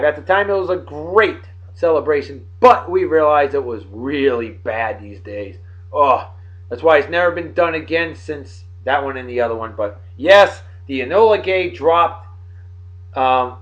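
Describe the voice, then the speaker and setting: A man, giving casual, jokey and sarcastic commentary in a video blog, with big swings between loud and soft. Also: a little high. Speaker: video blogger. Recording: dull lo-fi recording.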